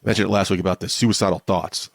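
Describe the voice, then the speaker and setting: Deep-voiced man, candid solo monologue. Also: steady tone, very fast, vocal fry, no echo, clean studio sound. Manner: candid, rambling, self-deprecating. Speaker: podcast host.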